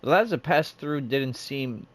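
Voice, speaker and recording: A man's voice: medium pitch, lively intonation, unhurried. Chatty man narrating his gameplay. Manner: rambling and chatty. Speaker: gaming channel host. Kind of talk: casual let's-play commentary.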